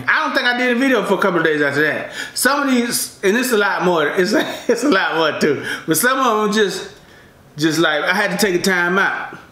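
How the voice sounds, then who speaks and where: Animated man chatting in an echoey room. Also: high voice. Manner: animated, laughs often, drawling asides. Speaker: mukbang vlogger. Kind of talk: casual storytelling to camera while eating.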